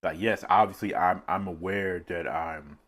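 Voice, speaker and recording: Seated at a meal indoors, this mukbang vlogger speaks in a low, slightly bright voice at a normal speed. His casual talk wanders from one idea to the next, punctuated by frequent chuckles at himself, and a phone on a tripod records him.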